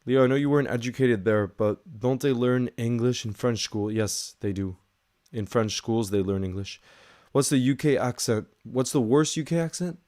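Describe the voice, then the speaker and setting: A man's voice: mid-range voice, moderate pace, few pauses, a little mellow. A man with a Northern Irish accent chatting casually through a live match watchalong, greeting viewers and answering their questions.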